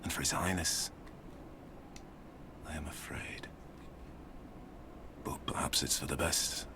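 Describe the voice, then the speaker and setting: A weary, hushed old mercenary. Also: male voice, very deep voice, steady tone, whispered, full character voice. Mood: melancholy. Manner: slow, solemn, hushed. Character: weary old male mercenary soldier, melancholy. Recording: game audio under stream noise.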